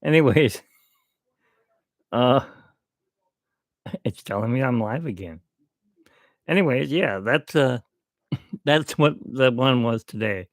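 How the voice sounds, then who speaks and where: Male streamer host, gravelly, dry close sound, jokey rambling delivery. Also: mid-range voice, animated, takes it slowly, pauses often, no room sound. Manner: rambling, joking, self-mocking. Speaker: YouTube channel host. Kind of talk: casual live stream chat. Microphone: desk microphone.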